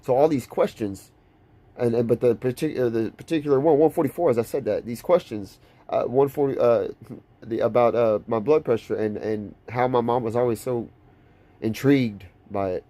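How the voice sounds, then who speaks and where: A man's voice: mid-range voice, normal speed, mellow. A young man talking straight to camera in a casual vlog, rambling and intense, with many restarts. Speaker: vlogger.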